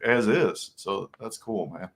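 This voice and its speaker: A man's voice: on the low side, takes it slowly, a bit bright. A man co-hosting a casual podcast chat, joking often and greeting live viewers by name. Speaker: podcast co-host.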